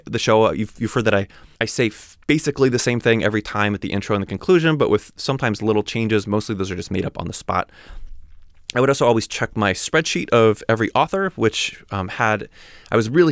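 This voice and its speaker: A man with a lowish voice and a gravelly, creaky edge talks casually as a podcast host. He rambles in a chatty way, full of fillers and restarts. The recording is dry and close, with no room echo. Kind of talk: casual reflective talk.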